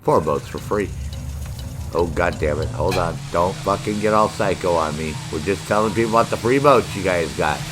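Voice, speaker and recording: A man's voice: sits low, fairly quick, hardly any pauses, music in the background. A middle-aged man streaming a video game, joking and swearing as he banters with his chat. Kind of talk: live gameplay commentary.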